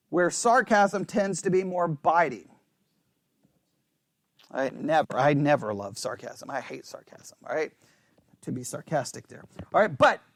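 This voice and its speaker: Male Bible study teacher with a high, animated voice and a dry close sound. He keeps checking in with his class and teases with self-mocking sarcasm. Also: no echo. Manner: animated, checks in constantly with "right?".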